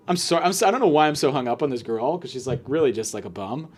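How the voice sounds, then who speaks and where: A man hosting a comic solo podcast rant, profane and sarcastic, swinging between loud mock-angry jabs and muttered asides. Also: medium pitch, expressive, very fast, few pauses. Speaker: podcast host.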